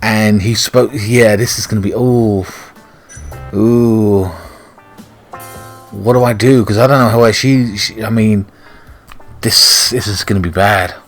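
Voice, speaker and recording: A man's voice: fairly low pitch, steady tone, unhurried, pauses often, soft background music. Blunt British man commenting on a game. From Britain. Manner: blunt, swears freely, chatty asides to viewers. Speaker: gaming channel host. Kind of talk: casual playthrough commentary.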